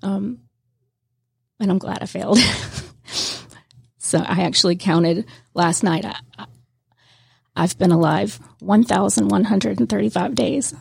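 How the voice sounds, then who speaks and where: A woman's voice: mid-range voice, measured pace, gravelly, long pauses, darkish tone, slightly rough, no echo, clean studio sound. A woman from Mississippi, a guest in a conversation, telling a candid personal story with emotion, frequent laughs and restarts.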